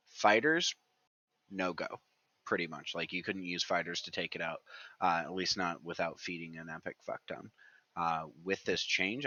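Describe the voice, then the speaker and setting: A man's voice: low-pitched, sharp tone. A man explaining game mechanics in a matter-of-fact way during a casual chat. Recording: dull dry lo-fi mic.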